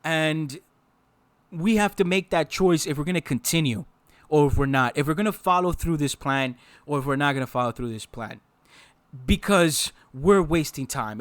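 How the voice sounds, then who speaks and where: A man's voice: a little high, normal speed, smooth, no echo. A man teaching trading in a casual, emphatic way, often repeating phrases for stress. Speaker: trading instructor. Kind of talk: casual teaching over a chart.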